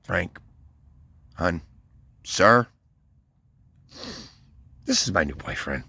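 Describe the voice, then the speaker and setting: A sheepish young woman caught out, stumbling over her words and apologizing, as a man puts her on. The voice stays very deep and carries a forceful edge. The sound is dry and close. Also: expressive, extremely slow, gravelly, slightly rough, no room sound, exaggerated voice. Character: young adult woman, apologetic, flustered ex-girlfriend.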